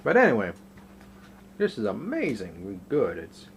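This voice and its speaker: A man's voice: on the low side, wildly swooping pitch, moderate pace, creaky, noisy background. A man hosting a casual home cooking vlog from his kitchen, rambling and joking as he cooks and chats to his dog.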